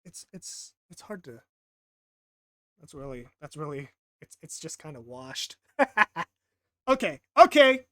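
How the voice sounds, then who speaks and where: A man's voice: a little high, unhurried, pauses often, fairly bright tone, no room sound, studio quality. A man casually narrating while he draws, rambling and self-deprecating, often stammering and repeating himself. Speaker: art vlogger.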